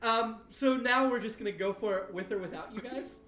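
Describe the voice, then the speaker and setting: A man's voice: sits high, a little fast, crowd noise. A man hosting a casual podcast roundtable, steering the talk and laughing often. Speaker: podcast host and show creator. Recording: roomy, distant mic.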